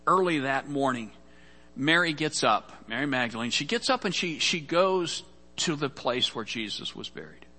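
A man's voice: medium pitch, pushed and bright, in a large hall. A man preaching a sermon, telling a scripture story earnestly and often repeating words as he goes. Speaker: pastor.

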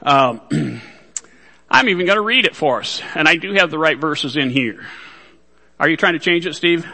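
High-voiced, bright male pastor, hall reverb. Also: expressive, normal speed, creaky. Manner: folksy, joking asides to the congregation. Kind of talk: sermon.

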